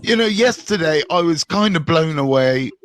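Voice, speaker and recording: A man's voice: fairly high pitch, lively intonation, normal speed. A man hosting a live phone stream in a chatty, playful, teasing way, greeting viewers and chatting with his guests. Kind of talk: casual live-stream chat.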